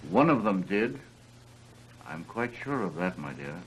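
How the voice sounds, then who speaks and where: An actor in a 1930s film playing a soft-spoken man who gently pleads with a young woman to stay. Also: deep voice, sing-song, measured pace, low-quality recording. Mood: tender. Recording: old film soundtrack with faint noise.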